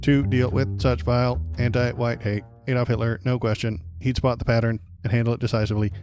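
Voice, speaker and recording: This is a smug male AI chatbot, as a man puts him on in a flat mock robot voice. The pitch sits in the middle range for a man. Guitar music plays clearly behind it. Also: brisk, natural voice. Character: smug male AI chatbot reading its own posts.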